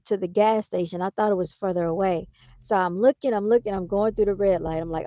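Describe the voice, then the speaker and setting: A woman's voice: mid-range voice, normal speed, no echo. Chatty woman telling a story to viewers. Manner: animated, addresses viewers as "y'all". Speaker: vlogger. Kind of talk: casual livestream storytelling. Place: outdoors by a car, then moving inside. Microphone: phone.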